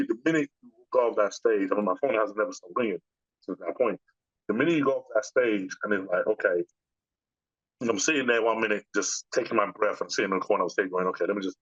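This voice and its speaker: A man's voice: on the low side, husky, no echo, muffled recording. A man being interviewed as a guest, speaking casually and telling stories with many restarts. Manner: animated storytelling, many restarts. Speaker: bodybuilder guest.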